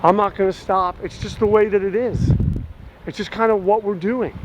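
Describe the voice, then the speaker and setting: A man's voice: high-pitched, fairly even intonation, moderate pace, close to an everyday voice. An actor playing a dumped young man who rambles and pleads in a video message to his ex, outdoors near traffic. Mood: pleading. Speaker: lead character in a short comedy film. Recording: street noise with passing vehicles.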